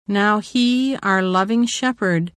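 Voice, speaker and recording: A woman reads a memoir aloud at an unhurried, measured pace. Her voice is reflective and sits in a mid range. The recording is dry and close. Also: medium pitch, fairly bright tone, clear, resonant tone, no echo. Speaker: narrator. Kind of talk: audiobook memoir narration.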